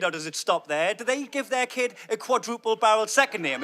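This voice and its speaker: Brash, sweary comedian, bright voice. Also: male voice, lively intonation, fast talker, few pauses, a little hiss or hum. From North East England. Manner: brash, sweary, swings from low mutters to loud bursts. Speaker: stand-up comedian. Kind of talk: stand-up comedy. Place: theatre stage before a live audience.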